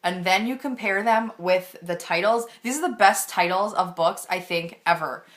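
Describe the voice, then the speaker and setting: A woman's voice: medium pitch, moderate pace. A young woman book vlogger chatting casually and gushing with enthusiasm about her favorite characters, with lots of fillers. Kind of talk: casual chat.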